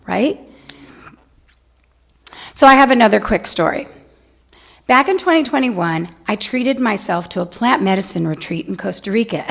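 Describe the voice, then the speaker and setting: A middle-aged woman speaks to a spiritual congregation in an unhurried, drawn-out way, leaning into personal stories and asking "right?" again and again. Her voice sits a little high, with a gravelly, fry-edged texture. She laughs easily between her points. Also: a bit bright. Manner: storytelling with laughter and frequent "right?". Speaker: guest speaker at a spiritual center. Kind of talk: inspirational spiritual talk.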